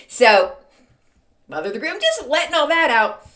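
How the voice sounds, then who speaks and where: A woman's voice: high voice, sing-song, normal speed, a bit bright. A woman hosting a podcast, telling a story in a casual, chatty way with plenty of fillers. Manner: chatty, conversational, many fillers like "um" and "like". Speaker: podcast host.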